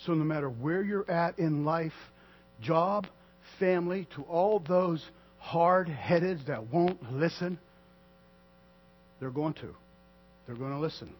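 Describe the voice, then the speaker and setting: A man preaching a sermon to a small congregation in a conversational way, swinging from soft to loud and acting out the quotes he tells. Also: on the high side, breathy edge. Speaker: pastor. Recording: dull lo-fi sound with mains hum.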